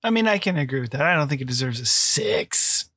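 An American man hosts a casual chat about films in a dry, close-sounding recording. His voice is mid-pitched, and he talks with joking, self-mocking banter. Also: sing-song, fairly quick, a bit bright, no room sound. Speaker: podcast host. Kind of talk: casual film-review chat.

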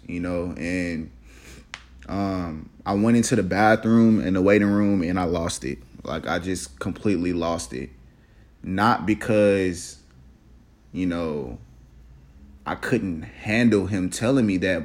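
Deep-voiced young man telling a story. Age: young adult. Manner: halting and reflective, full of fillers and restarts. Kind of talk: casual personal storytelling.

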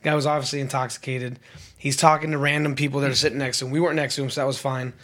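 A young man co-hosting a casual podcast, telling a story with lively mimicry of other people. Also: very fast. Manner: animated storyteller, mimics others with sudden high voices. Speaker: podcast co-host.

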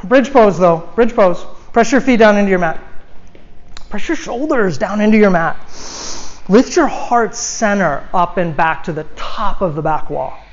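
A woman teaching a yoga class, giving calm step-by-step cues and chatting casually with lots of "like"s. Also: mid-range voice, normal speed. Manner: calm cueing with casual asides, many "like"s. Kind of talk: guided yoga class instruction. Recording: dull lo-fi sound.

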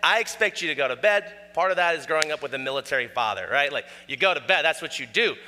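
A middle-aged male pastor with a high, very bright and forceful voice delivers a sermon from the pulpit. He tells self-mocking stories in an animated way and acts out quotes. Long reverb from the sanctuary trails his words. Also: quick pace, slight background noise.

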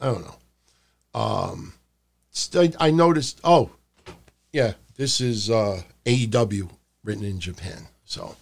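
A man hosting a wrestling review podcast, talking casually and rambling, swearing freely and dropping into shouted impressions. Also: fairly low pitch, animated, takes it slowly, gravelly, pauses often. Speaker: podcast host.

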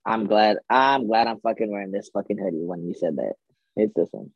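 A man who is a podcast guest, chatting casually in fast slang and swearing, recorded through earbuds with a dull, lo-fi sound. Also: on the low side, husky, no echo. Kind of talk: casual chat. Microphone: earbuds on a phone.

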